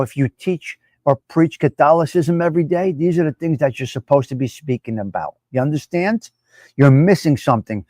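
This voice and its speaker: A man's voice: on the high side, a little mellow, no echo. A man from New Jersey with a New Jersey accent, hosting a live stream and talking bluntly, repeating himself for emphasis. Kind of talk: casual opinionated live stream talk.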